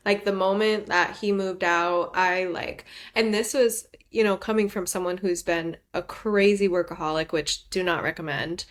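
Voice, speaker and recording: A woman's voice: on the low side, fairly even intonation, normal speed, few pauses. A woman hosting a podcast, speaking in an open, reflective way in casual chat. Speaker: podcast host.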